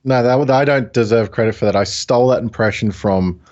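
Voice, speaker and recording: A man's voice: medium pitch, a little fast, darkish tone. A man explains his video ideas in a casual, easygoing chat, leaning on fillers as he thinks aloud. His voice sits in a mid range and comes through dull, lo-fi call audio. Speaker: guest, video creator.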